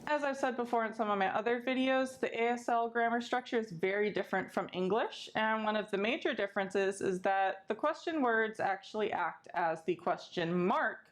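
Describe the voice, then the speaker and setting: Woman librarian teaching sign language. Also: mid-range voice. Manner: friendly, clear step-by-step explaining. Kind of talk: instructional video lesson.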